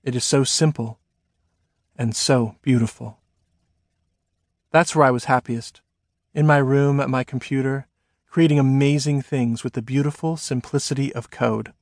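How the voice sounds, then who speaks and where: A man reading his own novel aloud as a first-person audiobook narration, measured and expressive. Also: mid-range voice, vocal fry, no room sound, clean studio sound.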